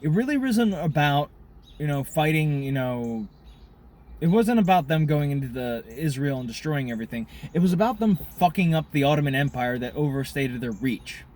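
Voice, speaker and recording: A man ranting in a profane monologue to camera, smoking a cigar as he talks, swinging between loud outbursts and muttered asides. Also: a little high, lively intonation, normal speed. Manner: smoking a cigar while talking. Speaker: vlogger.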